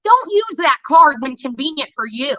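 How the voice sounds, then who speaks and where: A woman's voice: sits high, big pitch swings, moderate pace, bright, forceful tone, dry recording, muffled recording. A woman streamer delivering a heated, profane rant about a falling-out with a friend, talking straight into a close mic. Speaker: livestreamer. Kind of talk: ranting livestream monologue.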